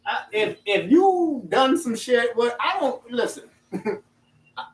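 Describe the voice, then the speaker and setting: A man's voice: extremely high pitch, sing-song, slow pace, far from the mic. A man hosting a group discussion, talking animatedly and laughing often between points. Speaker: discussion host. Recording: roomy sound from off-mic.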